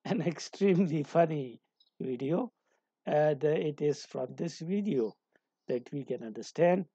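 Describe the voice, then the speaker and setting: A man lectures in a very dark, slightly husky voice, stopping often to restart his sentences. The recording is dull and lo-fi, with a dry, close sound. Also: a little high, animated, a little slow. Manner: explaining with many hesitations and restarts.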